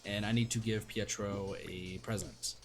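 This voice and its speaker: A man's voice: fairly low pitch, steady tone, unhurried, soft background music. A man casually chatting to his viewers while streaming a video game, rambling and thanking chat by name. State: hiccups.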